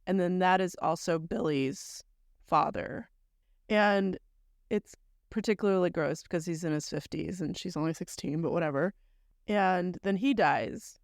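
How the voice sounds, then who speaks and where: A woman co-host with a lowish voice, retelling a story in long, run-on strings of events. She talks bluntly and casually. The sound is close and dry, with no room echo. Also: unhurried, creaky. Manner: conversational, recounting events in long run-on chains; blunt, mild swearing. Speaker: podcast co-host. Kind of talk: casual chat recapping a story.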